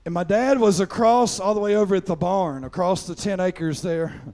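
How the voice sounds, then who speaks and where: At a normal speed and in a high-sitting voice, a middle-aged pastor preaches by way of a folksy personal story. "Amen" comes up again and again, and his delivery rises to loud preaching.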